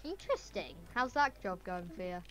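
A woman's voice: a little high, lively intonation, normal speed, fairly bright tone, slight background noise. A woman chatting casually while co-playing a video game, giggly and given to panicked squeals. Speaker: gamer co-playing a prison game. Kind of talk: casual gaming chat.

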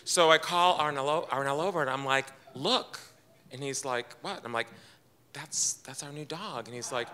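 Before a live audience in an event room, a man tells a personal story in a chatty, self-deprecating way, slipping into quoted lines of dialogue in his own voice. His voice is very bright and ringing, medium in pitch, animated, and unhurried.

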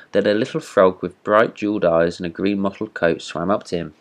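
A man reading a classic fairy tale aloud as a storyteller, in steady read-aloud narration. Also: low voice, fairly quick, hardly any pauses.

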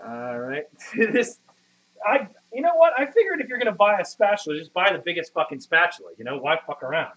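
A man's voice: sits high, very animated, a little fast, sharp tone. Profane, rambling man live-streaming his cooking. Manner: rambling, profane, self-deprecating, talks to chat. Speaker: streamer cooking while chatting with viewers. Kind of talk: casual live-stream chat. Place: home kitchen. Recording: muffled lo-fi stream audio.

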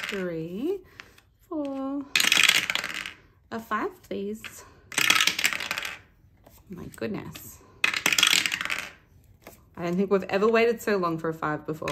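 A woman's voice: fairly low pitch, animated, slow, gravelly, pauses often. Bubbly Australian woman chatting over noise. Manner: bubbly and chatty, counting money aloud. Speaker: budgeting vlogger. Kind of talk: chatty cash-stuffing vlog. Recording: loud background noise.

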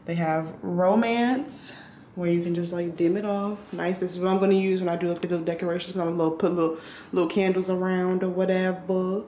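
A woman's voice: on the low side, steady tone, brisk, dark tone, reverberant, slight background noise. Chatty rambling woman vlogging. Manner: rambling, chatty, lots of fillers. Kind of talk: casual vlog chat. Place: hotel room.

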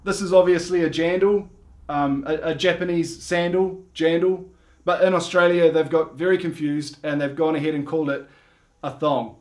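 A man with a New Zealand accent delivers a mock instructional comedy video in a dry, deadpan way. He pauses often with ums and restarts his sentences. His voice sits a little above a typical male pitch. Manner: deadpan, hesitant with many ums. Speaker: comedy vlogger, dad.

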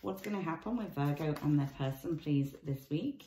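A woman giving a casual tarot card reading, musing and thinking aloud with many pauses and ums. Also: low-pitched, dark tone, echoey room, a little hiss or hum, poor audio. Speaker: tarot reader.

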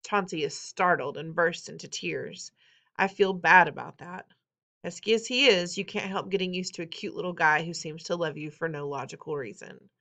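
A woman reading a novel aloud in an expressive, wry first-person storytelling manner. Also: fairly low pitch, normal speed. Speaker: audiobook reader.

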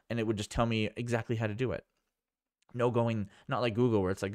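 Low-voiced man musing through a demo. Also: steady tone, quick pace, clear, resonant tone, no room sound, studio quality. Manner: rambling, thinking aloud, amazed. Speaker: tech vlogger. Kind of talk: casual screen demo commentary.

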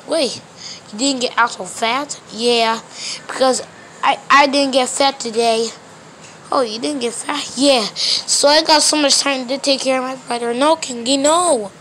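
A woman talking through a toy play scene, switching quickly between plush characters in loose, ungrammatical play talk. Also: sits high, fairly even intonation, a bit bright, a little hiss or hum. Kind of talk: toy play with many voices.

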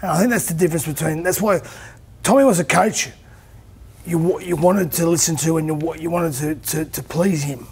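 Husky panelist, higher voice. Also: male voice, fairly quick. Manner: earnest, repeating himself while thinking. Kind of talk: TV panel discussion.

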